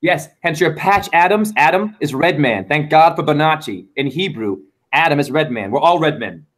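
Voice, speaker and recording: Fervent rambling man, highish voice. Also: animated, normal speed, a bit bright. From United States. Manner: rambling, fervent wordplay monologue. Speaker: guest. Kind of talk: casual chat.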